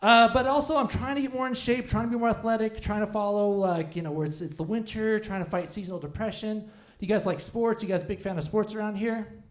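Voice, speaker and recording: A man's voice: high-pitched, fast. A man in his forties doing a stand-up comedy set on a club stage, rambling and self-deprecating with lots of restarts.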